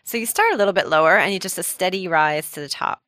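A woman's voice: fairly low pitch, fast talker, a bit bright, no room sound, studio quality. A woman hosting a language lesson, explaining with an upbeat manner and laughing easily. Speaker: language teacher host. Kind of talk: scripted podcast lesson with co-host.

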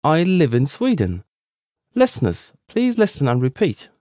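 A man's voice: a little high, wildly swooping pitch, unhurried, darkish tone, no room sound, studio quality. A man co-hosting a scripted language lesson, upbeat and encouraging toward listeners.

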